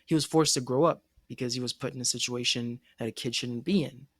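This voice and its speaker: A man's voice: medium pitch, fairly even intonation, brisk, no room sound, studio quality. A man co-hosting an anime discussion podcast, musing hesitantly and restarting his thoughts in casual chat.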